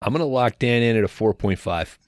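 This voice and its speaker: A man's voice: mid-range voice, fairly quick, no room sound, studio quality. A man co-hosting a podcast, making joking, profane wisecracks in casual chat. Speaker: podcast co-host.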